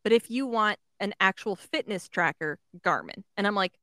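A woman's voice: mid-range voice, expressive, moderate pace, pushed and bright, no room sound, clean studio sound. A woman co-hosting a casual podcast, enthusiastic, swearing, with lots of fillers. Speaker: podcast co-host. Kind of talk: casual chat.

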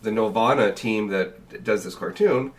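A man's voice: on the low side, a little slow. A man co-hosting a podcast, chatting casually and hesitantly, often restarting his sentences. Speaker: podcast co-host. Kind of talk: casual review chat. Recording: voice a bit distant from the mic.

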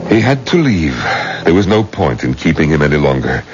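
An actor playing a stern, protective old wise man, speaking gravely and with command in a radio drama. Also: extremely low pitch, sing-song, brisk. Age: older. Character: older male wise elder, stern and protective. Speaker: wise elder. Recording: dull lo-fi radio play with faint noise.

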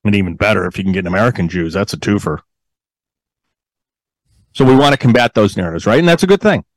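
A man's voice: lowish voice, lively intonation, fast talker, no echo. Guy doing a talk radio rant, sarcastic and emphatic, dead dry studio sound. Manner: emphatic, sarcastic, builds to punchy declarations. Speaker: radio talk show host. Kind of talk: political talk radio monologue.

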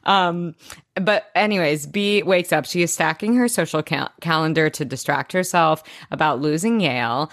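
Casting: young woman, lowish voice, chatty podcast co-host, dry close sound. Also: moderate pace, few pauses, no echo. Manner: chatty, swears casually, bursts into impressions. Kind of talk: casual chat recapping a TV show.

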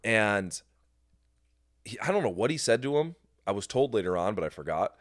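A man with a very low voice hosts a casual podcast chat, telling his story with energy and acting out the other people's lines. He swears freely. The recording is dry and close to the mic. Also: normal speed, dry recording. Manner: animated storyteller, swears freely, acts out quotes. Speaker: podcast host.

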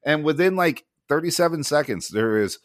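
Opinionated swearing man, lively voice. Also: a little high, no room sound, clean studio sound. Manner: opinionated, swearing, quick laughs. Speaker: podcast co-host. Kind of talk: casual chat.

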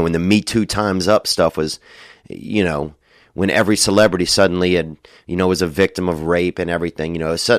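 A man's voice: low voice, no echo, studio quality. A young man telling rambling, profane comic stories, loose and digressive, full of "dude" and "you know". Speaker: comedian. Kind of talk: rambling stand-up style monologue.

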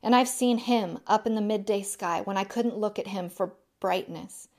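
A woman's voice: medium pitch, moderate pace, darkish tone, close to an everyday voice. A woman voicing a gloomy, stubborn male marsh creature who talks short of breath. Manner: stout, breathless, plain-spoken.

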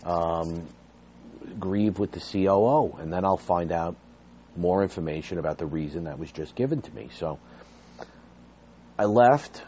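A man with a deep, warm, soft-edged voice tells a personal story. His delivery is earnest and agitated, climbing in intensity as he relives events. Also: slight background noise. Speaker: fired behavior therapist telling his story.

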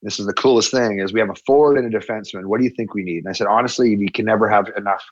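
A former hockey player telling a story in a casual chat, acting out the quotes with a raised voice. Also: male voice, fairly low pitch, rapid-fire, no echo, lo-fi sound. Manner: animated, acts out quotes with a raised voice.

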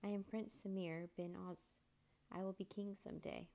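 A woman's voice: mid-range voice, fairly even intonation, moderate pace, vocal fry, dark tone, lightly acted. A woman voicing a polite young boy prince in a storybook reading, speaking formally without contractions. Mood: earnest.

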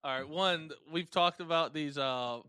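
A man's voice: a little high, unhurried, sharp tone, smooth, dry recording. A man co-hosting a podcast, bringing up topics in laid-back casual chat with swearing. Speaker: podcast co-host.

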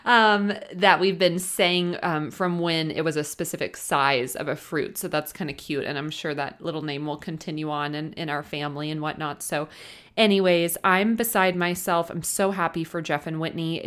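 A woman's voice: low voice, steady tone, moderate pace, fairly bright tone. Gushing, teary young woman podcast host. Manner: emotional, gushing, near tears. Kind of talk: casual solo podcast chat.

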